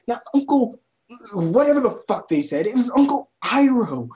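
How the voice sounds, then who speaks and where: Young woman going off about a movie, cusses nonstop, kinda high voice, all over the place. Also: very animated, normal speed. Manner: exasperated, swears constantly, rising to near shouts. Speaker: vlogger ranting about a film. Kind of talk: profane rant.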